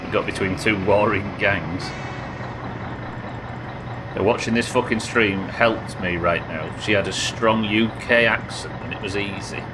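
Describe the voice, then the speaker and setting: A man's voice: fairly low pitch, steady tone, measured pace, noisy background. A man streaming a game live, chatting, joking and reading out viewer comments. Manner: chatty, reads chat aloud, jokey. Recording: game music behind.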